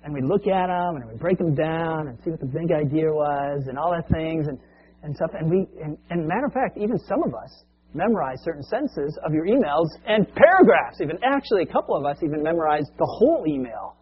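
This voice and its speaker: A man's voice: fairly high pitch, lively intonation, fairly quick, slightly rough. A man voicing a carefree office employee who rambles breezily, on a muffled lo-fi recording. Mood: breezy.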